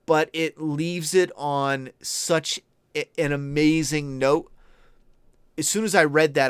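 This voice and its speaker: Young male streamer, slightly high, smooth tone, dry close sound; loose, candid, swears a lot. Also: dry recording. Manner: rambling, profane and candid. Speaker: YouTube streamer. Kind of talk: casual livestream chat.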